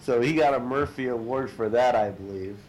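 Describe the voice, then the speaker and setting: A man telling a long, funny anecdote in casual chat, shouting out the quoted lines with gusto. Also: medium pitch, brisk, slight background noise. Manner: animated storyteller, shouts quoted lines, laughs at own stories.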